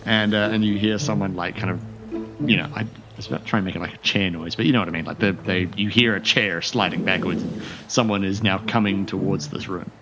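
A man's voice: low voice, steady tone, fast talker, over music. A man narrating as game master of a tabletop role-playing game, rambling with fillers and restarts.

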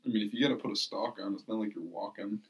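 A man co-hosting a podcast, telling stories in a relaxed way with casual swearing. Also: fairly low pitch, racing. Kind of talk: casual chat.

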